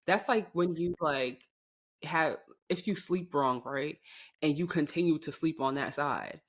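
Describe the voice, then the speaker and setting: A young woman co-hosts a casual podcast in a notably deep voice. She talks in a flat, monotone, matter-of-fact way. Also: measured pace. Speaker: podcast co-host. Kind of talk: casual chat.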